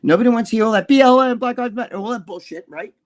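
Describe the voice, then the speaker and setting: Brief: high-voiced male co-host, heated profane rant, keeps repeating his point. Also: very fast. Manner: ranting, profane, repeats himself, acts out quoted people. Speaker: podcast co-host. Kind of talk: heated casual chat.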